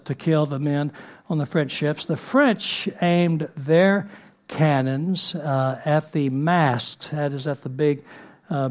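A man delivers a sermon in an easygoing, explanatory way. His voice sits a touch higher than most men's. He often pauses on fillers and restarts his sentences as he thinks aloud. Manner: conversational with frequent fillers and restarts. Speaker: preacher.

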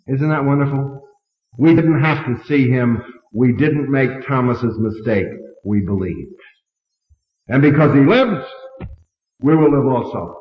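A man's voice: a little slow, long pauses. A man preaching a sermon, telling a story and acting out the dialogue with big swings in his voice. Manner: dramatic, acts out dialogue with big pitch swings. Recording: roomy lo-fi hall recording.

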